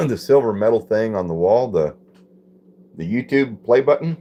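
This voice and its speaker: A man's voice: mid-range voice, big pitch swings, a little slow, darkish tone. A man hosting a casual live stream, reading viewer comments aloud, repeating phrases and puzzling over them.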